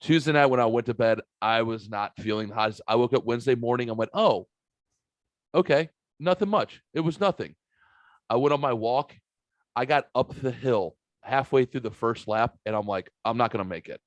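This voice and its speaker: Animated man telling a story, dry close sound. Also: medium pitch, a little fast, no echo. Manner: animated, swearing, acts out quotes. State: recovering from a sinus virus. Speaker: podcast host. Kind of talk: casual storytelling chat.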